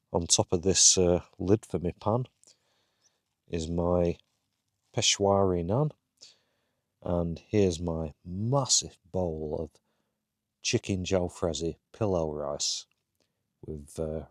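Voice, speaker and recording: A chatty man speaks to his camera at a hillside camp and later from inside his tent. His voice sits very low, and he rambles along easily with plenty of "uh"s. The sound is close and dry. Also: takes it slowly, pauses often, no room sound. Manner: chatty, rambling, with many fillers. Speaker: wild camping vlogger. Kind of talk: casual talk to camera.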